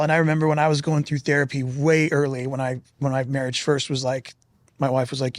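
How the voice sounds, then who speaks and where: A man in a candid roundtable discussion, telling stories with animated acted-out quotes and laughter. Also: medium pitch, fairly quick, no echo, studio quality. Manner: animated storyteller who acts out quotes and laughs. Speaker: roundtable guest.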